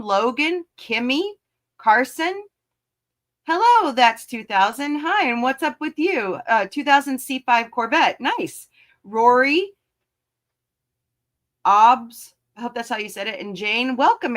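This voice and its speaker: A woman's voice: on the high side, fairly bright tone. A woman hosting a casual livestream talk show, joking around and greeting her viewers by name.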